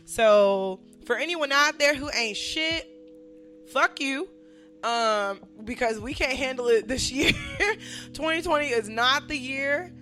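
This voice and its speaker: Brief: young woman host, slightly tipsy, loud and laughing, swears a lot, voice sits a little high, music faint behind. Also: takes it slowly. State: a little drunk. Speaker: podcast host. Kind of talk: casual chat.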